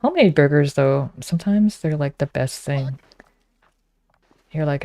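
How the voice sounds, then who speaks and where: A woman's voice: low voice, a little slow, darkish tone. A woman streaming a game, chatting casually and teasing her viewers.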